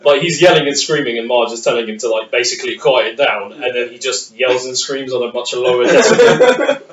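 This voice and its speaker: Male co-host, easygoing rambler who laughs a lot, middle pitch, distant, echoey, muffled home recording. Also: expressive, a little fast. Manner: rambling, laughs often between words. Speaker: podcast co-host. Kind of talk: casual chat. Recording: distant, roomy, dull sound.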